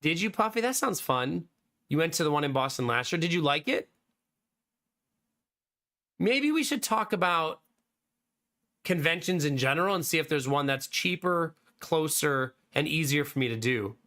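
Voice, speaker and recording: A man in his thirties, slightly hoarse, chatting casually on a live stream and answering viewers by name. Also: a little high, animated, normal speed, pauses often, sharp tone. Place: home streaming room.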